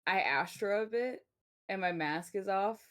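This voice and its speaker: Female player, mid-pitched, emotional and profane, loud when excited. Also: unhurried. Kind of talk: tabletop role-play chat.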